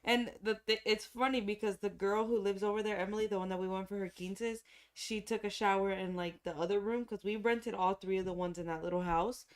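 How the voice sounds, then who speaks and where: A woman's voice: mid-range voice, steady tone, brisk, hardly any pauses, clean tone. Woman chatting on a podcast, says like every other word, rambly. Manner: rambling, fills with "like" constantly. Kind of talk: casual chat.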